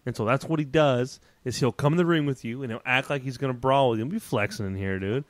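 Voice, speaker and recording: A man co-hosting a podcast, arguing his points in animated, casual chat. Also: medium pitch, no room sound. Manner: animated and argumentative, drawn-out casual filler. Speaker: podcast co-host.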